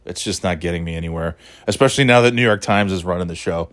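A man's voice: low voice, fast, fairly bright tone. A man hosting his own podcast who rambles casually, swears freely and laughs often as he talks. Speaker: podcast host. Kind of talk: casual solo chat.

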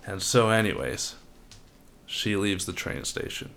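Deep gravelly laid-back podcast host. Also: male voice, expressive, unhurried, a bit bright, slight background noise. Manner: rambling, laid-back, laughs often. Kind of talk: improvised comedic storytelling.

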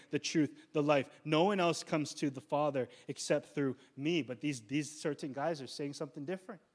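A young male pastor preaching with a slightly high voice. He keeps it loose and slangy, then hits his main points with force and weight. It sounds like a relaxed preacher talking straight to his congregation. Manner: casual slangy preaching, rising to emphatic declarations. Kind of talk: sermon.

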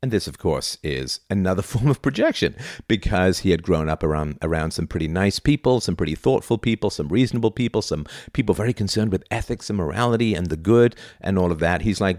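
A man's voice: low voice, animated, fairly quick, a little mellow, no room sound, clean studio sound. A man giving an unscripted philosophy lecture in a blunt, opinionated way, with sudden emphatic jumps in his voice.

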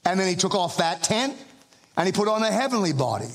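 Man, pastor, sermon, high voice, funny stories, stumbling restarts. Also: very animated, brisk. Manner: humorous storytelling with frequent restarts; builds emphasis when quoting scripture.

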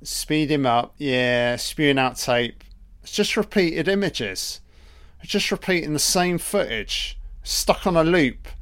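Sarcastic, slow-talking man. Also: a little high. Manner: mocking, profane, deadpan asides. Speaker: film commentator. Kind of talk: sarcastic solo film commentary.

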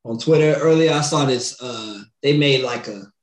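A woman's voice: extremely low pitch, normal speed, a little mellow, a little hiss or hum. A woman co-hosting a casual chat, laid-back, laughing along and agreeing often. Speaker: podcast co-host. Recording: echoey room.

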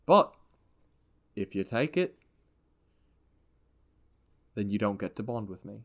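Relaxed male game master, unhurried, mid-pitched narration. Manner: relaxed, conversational, with frequent laughs.

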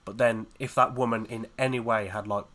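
A man's voice: lowish voice, fairly even intonation, brisk, a bit bright. A young man co-hosting a podcast, retelling things he saw online in a rambling, casual way with frequent laughs. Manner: chatty storyteller, trailing fillers, bursts of laughter. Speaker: podcast co-host. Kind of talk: casual chat.

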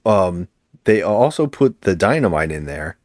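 A man's voice: deep voice, sing-song, measured pace, no echo, studio quality. A man co-hosting a podcast, retelling a movie's plot casually with rambling restarts. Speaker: podcast co-host. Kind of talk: casual movie recap chat.

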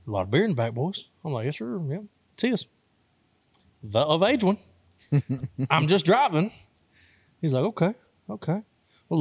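A man's voice: a little high, darkish tone, breathy edge, no room sound. A young man from Arkansas telling a wild story in casual talk, profane and laughing as he goes. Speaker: storyteller host.

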